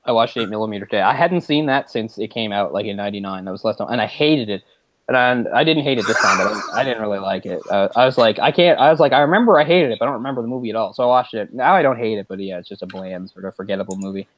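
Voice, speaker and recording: A man co-hosting a podcast, rambling through a casual movie chat, getting animated and laughing as he retells scenes. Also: on the low side, very fast. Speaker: podcast co-host.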